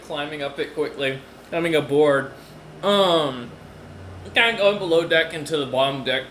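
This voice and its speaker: A man's voice: on the high side, bright, forceful tone, echoey room, a little hiss or hum. A man narrating as game master of a tabletop game, rambling with many fillers and restarts.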